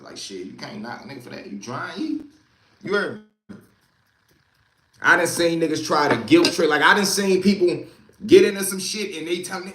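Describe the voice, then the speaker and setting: A man's voice: on the high side, fairly quick, roomy sound. A man with a Baltimore accent telling stories in a loose, slang-heavy way, acting out other people's voices. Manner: animated, slangy, acts out quoted voices loudly. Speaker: host. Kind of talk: casual storytelling.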